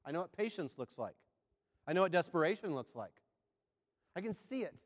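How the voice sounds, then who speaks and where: A man preaching a sermon, firing rhetorical questions and swinging between loud and hushed delivery. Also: sits high, very animated, brisk, long reverb tail.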